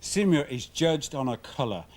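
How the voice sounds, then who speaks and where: A man hosting a daytime TV debate with a studio audience, quick to interrupt and press his guests. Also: fairly high pitch, lively intonation. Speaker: talk show host. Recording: 1990s TV broadcast from VHS.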